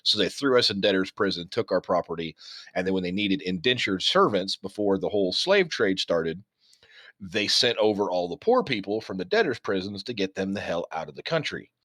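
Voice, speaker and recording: A man's voice: low-pitched, sing-song, a little fast, a bit bright, dry recording. A man from Texas co-hosting a casual podcast, rambling and swearing as he lectures on history and word pronunciation. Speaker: podcast co-host. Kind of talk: casual chat.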